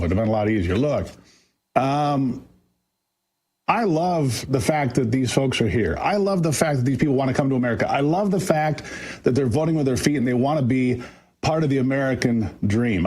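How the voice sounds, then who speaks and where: Husky-voiced man talking politics. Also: mid-range voice, animated, fairly quick, a little mellow. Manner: emphatic, folksy, many restarts. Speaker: guest commentator. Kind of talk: opinionated morning-show talk.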